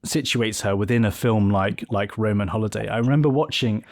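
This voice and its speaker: A man's voice: lowish voice, fairly quick. A man hosting a film podcast, speaking in a thoughtful, academic way during a conversational interview. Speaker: podcast host.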